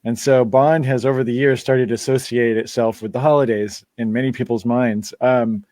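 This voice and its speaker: A man's voice: mid-range voice, steady tone, moderate pace, a little mellow, no room sound. A man hosting a live-stream Q&A in casual chat, rambling through asides and laughing often. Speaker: band member hosting a live Q&A.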